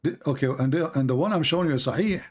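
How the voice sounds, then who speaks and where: Argumentative man hosting a live debate. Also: fairly high pitch. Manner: argumentative, presses with repeated questions; reads quoted passages slowly and deliberately. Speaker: debate host on a live stream. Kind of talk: live-streamed religious debate.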